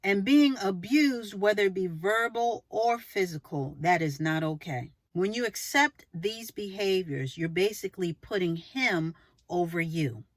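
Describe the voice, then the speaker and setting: A woman's voice: expressive, unhurried, dry recording. Emphatic woman giving advice, dry sound. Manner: emphatic, preachy, asks rhetorical questions; acts out short quoted lines with exaggerated pitch jumps. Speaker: vlogger giving relationship advice. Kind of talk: casual advice monologue to camera.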